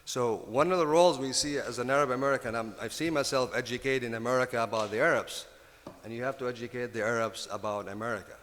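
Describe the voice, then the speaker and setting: A man in his fifties from Lebanon with a heavy Lebanese Arabic accent. He speaks on a panel in halting bursts with many restarts. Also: mid-range voice, fairly bright tone. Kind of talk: panel talk. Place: convention hall. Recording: reverberant conference hall.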